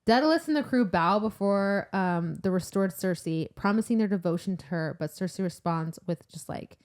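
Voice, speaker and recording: A woman's voice: mid-range voice, moderate pace, darkish tone. A young woman co-hosting a casual book-club podcast, retelling the plot in a chatty way with lots of "like". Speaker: podcast co-host.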